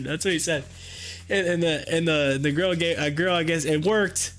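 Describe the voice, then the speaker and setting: A man's voice: fairly high pitch, fairly even intonation, normal speed, a bit bright. A man hosting a live stream, chatting casually and telling joking stories, often breaking into laughter. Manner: joking storyteller, laughs a lot.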